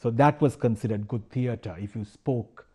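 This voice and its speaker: A man's voice: medium pitch, moderate pace, mellow, breathy edge. A man who studies ancient history and religion, talking it through thoughtfully in a TV discussion, with many restarts and fillers. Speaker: guest scholar. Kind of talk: casual discussion.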